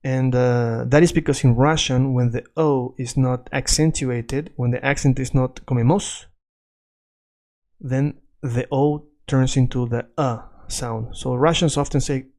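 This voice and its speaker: Mellow-voiced man teaching Spanish. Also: medium pitch, steady tone, a little slow. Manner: chatty, self-correcting, repeats points to students. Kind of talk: casual explanatory lesson.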